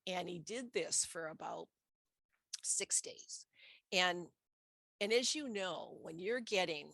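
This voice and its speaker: A woman's voice: fairly low pitch, slow, creaky, fairly bright tone, no echo. A middle-aged woman from the United States telling a personal story in a casual interview, acting out her own reactions as she goes. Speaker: podcast guest.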